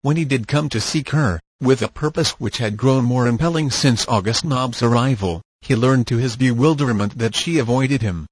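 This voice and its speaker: A man narrating a novel in a measured, steady reading voice. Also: mid-range voice, slightly rough, no room sound, poor audio. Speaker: audiobook narrator. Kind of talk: scripted narration.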